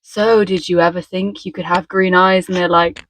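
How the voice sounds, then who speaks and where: A woman's voice: lowish voice, level tone, moderate pace, noisy background. A woman from Wales co-hosting a podcast in casual chat, rambling and giggly, sometimes breaking into song. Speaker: podcast co-host.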